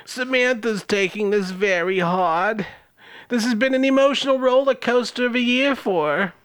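A man's voice: extremely high pitch, moderate pace, a bit bright. A man voicing a grieving, devout elderly grandmother in a comedic script table-read, earnest and melodramatic. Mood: solemn.

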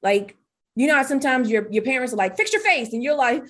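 Animated woman telling her story. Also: quick pace. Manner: animated storyteller, acts out her own quotes in a higher voice. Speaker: guest, business coach and former hairstylist. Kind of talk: casual conversational interview.

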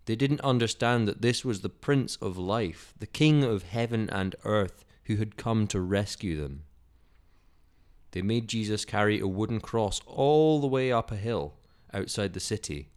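A man's voice: fairly low pitch, expressive, unhurried, darkish tone, clean tone. A man reading a Bible story for children in a solemn, dramatic way.

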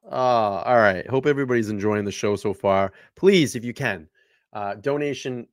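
A man's voice: lowish voice, normal speed, no echo, clean studio sound. A man hosting a livestream casually, reading out donations and introducing clips. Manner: easygoing, reads donations aloud. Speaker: livestream host.

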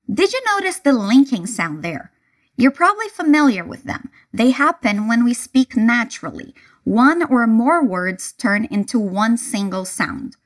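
Woman, English teacher, repeat-after-me lesson, unhurried, animated delivery. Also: on the high side. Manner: clear, deliberate, breaks phrases into single words.

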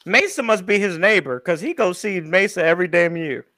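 A man's voice: high-pitched, expressive, fairly quick, a crowd in the background. A man bantering casually on a podcast with friends, playful and prone to breaking into song.

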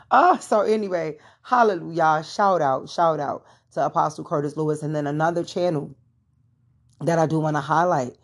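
A young adult woman talks straight to her listeners in an easy, chatty way, calling them y'all and filling her sentences with "you know" and "you know what I'm saying." Her voice sits low and has a soft, husky grain. She tells a personal faith story as the host of her own show. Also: normal speed. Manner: conversational, addresses listeners as y'all, many fillers. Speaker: podcast host. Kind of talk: casual testimony to listeners.

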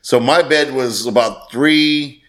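A man's voice: medium pitch, slow, a bit bright. A man hosting a podcast, telling a story casually and swearing freely. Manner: swears freely, acts out quoted voices. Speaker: podcast host.

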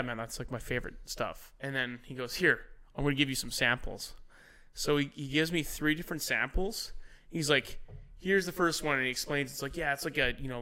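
A man in his thirties telling animated stories in casual podcast chat, swearing and laughing as he goes. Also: a little high, smooth. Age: 30s. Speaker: podcast host.

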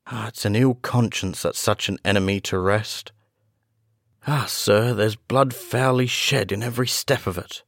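A man voicing a frightened old male butler who speaks in a hushed, fearful way. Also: fairly low pitch, unhurried, no echo, clean studio sound.

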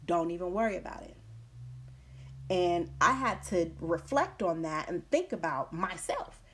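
A woman's voice: fairly low pitch, very animated, unhurried, a bit bright, slight background noise. A woman hosting a solo podcast, talking emphatically and repeating her key points, now and then acting out other people's words in a changed voice. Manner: acts out quoted people in shifting voices. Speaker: podcast host. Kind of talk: casual solo podcast monologue.

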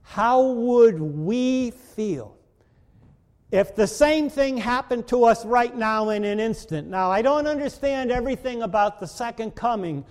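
A male pastor delivers a sermon in a high, clear-pitched voice. He speaks slowly and emphatically, pausing for weight. The sound carries the long reverb of a church sanctuary. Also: a little mellow. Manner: slow, emphatic preaching with dramatic pauses.

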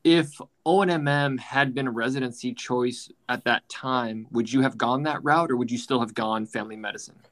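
A man hosting an interview, asking calm, brief questions. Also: mid-range voice, moderate pace, few pauses. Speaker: interviewer, podcast host.

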